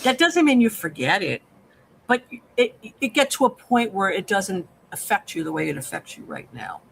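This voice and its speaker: A man's voice: high-pitched, very animated, moderate pace, gravelly, a bit bright, a little hiss or hum, poor audio. A man co-hosting a live film review, explaining his ideas patiently like a therapist and checking in with "okay?" as he talks. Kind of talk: live casual review chat.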